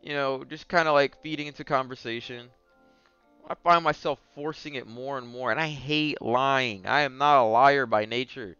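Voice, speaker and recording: A young man casually telling a dating story as a podcast host, moving between mumbled asides and loud outbursts. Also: mid-range voice, normal speed, smooth, no echo, lo-fi sound, faint music behind. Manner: animated, swings from mumbling asides to yelling bursts.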